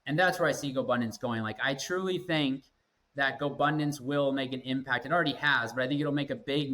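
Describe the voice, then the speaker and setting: A man's voice: medium pitch, pushed and bright, low-quality recording. A man in his thirties, a guest in a casual interview, talking earnestly and with energy, often repeating himself for emphasis. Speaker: guest, company executive.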